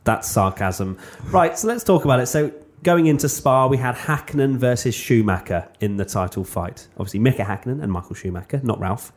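A man's voice: mid-range voice, expressive, fairly quick, few pauses. A man hosting a podcast, teasing his co-hosts in a playful, bouncy way. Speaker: podcast host. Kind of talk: casual podcast chat.

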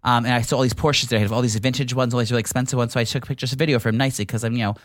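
A man's voice: medium pitch, steady tone, rapid-fire, no room sound, studio quality. A man co-hosting a casual chat podcast, gossipy and rambling, often restarting his thoughts. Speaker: podcast co-host.

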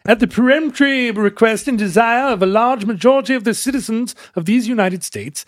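A man's voice: high voice, lively intonation, quick pace, darkish tone, no echo, studio quality. A man voicing a grandiose self-declared emperor who reads out a formal proclamation in a vague, made-up accent. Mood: pompous, proclaiming. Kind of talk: comic reading in a put-on voice.

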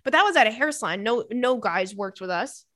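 Animated woman host on a tangent. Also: fairly high pitch, fairly quick, dry recording, clean studio sound. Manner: animated, swearing, laughing tangents. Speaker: podcast host reading listener emails. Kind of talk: casual chat.

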